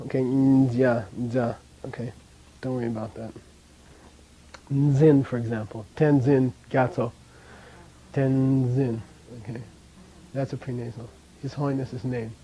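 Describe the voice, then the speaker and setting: A man teaching a language class, drilling pronunciation by repeating sounds and checking in with the students, his voice often dropping quiet at the ends of phrases. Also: mid-range voice, steady tone, moderate pace, a little hiss or hum, low-quality recording.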